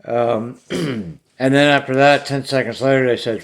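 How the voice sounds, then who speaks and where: A man's voice: mid-range voice, unhurried, gravelly. A man, talking bluntly and plainly to camera about his paranormal recordings. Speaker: paranormal vlogger. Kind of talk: casual talk to camera.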